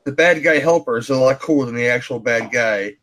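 A man's voice: medium pitch, fairly quick, fairly bright tone. Chuckling, enthusiastic male movie fan. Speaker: podcast guest. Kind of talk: casual movie review chat.

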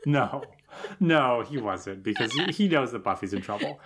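A man co-hosting a podcast, analysing a TV episode in relaxed chat, thinking aloud with frequent "like" and "right?". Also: medium pitch, normal speed, slight background noise. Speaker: podcast co-host.

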